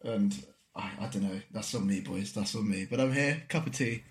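A man's voice: on the low side, normal speed. A man co-hosting a podcast, joking dryly in casual chat over a video call. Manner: dry, joking. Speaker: podcast co-host.

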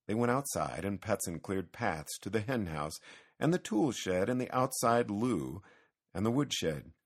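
A man with a low, husky voice reads a children's storybook aloud. His delivery is lively and expressive, rising and falling widely as he tells the tale. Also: measured pace. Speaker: narrator.

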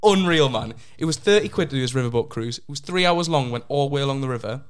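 A young man, telling a rambling story on a casual podcast, his voice jumping up in pitch when he gets excited. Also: fast talker, clean tone. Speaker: podcast co-host. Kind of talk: casual chat.

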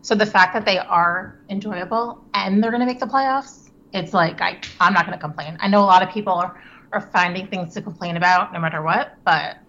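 A woman in her thirties with a fairly low, somewhat bright voice chats candidly and amiably as a guest on a podcast. The sound is dull and lo-fi, with a little hiss or hum.

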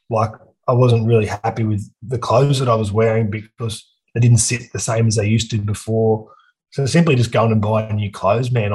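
A man's voice: on the low side, husky, low-quality recording. A man in his thirties with an Australian accent, a guest speaking bluntly and earnestly about his life, swearing freely and often saying "mate". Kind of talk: candid personal storytelling.

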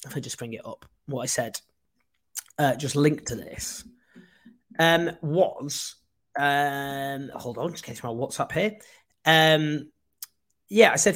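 A man hosting a political livestream, impassioned and sarcastic with quick asides. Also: on the high side, animated. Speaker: host.

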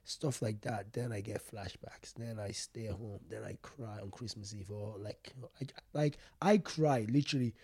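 A young man, a comedian speaking candidly in an interview, halting and repeating himself, often laughing. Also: lowish voice, warm tone, breathy edge, dry recording. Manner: halting, repeats words, frequent "you get me", laughs often. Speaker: stand-up comedian, guest.

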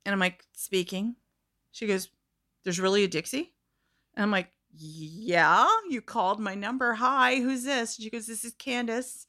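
Woman guest storyteller, bright edge to the voice, lively and theatrical in conversation. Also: medium pitch, a little slow. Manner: animated, acts out quoted voices, laughs often. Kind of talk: casual storytelling chat.

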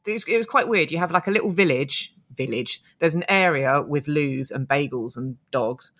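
Chatty woman with a gravelly edge. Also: deep voice, animated, normal speed, a bit bright. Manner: chatty, rambling with restarts and laughs. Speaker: podcast co-host, marathon runner. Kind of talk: casual chat.

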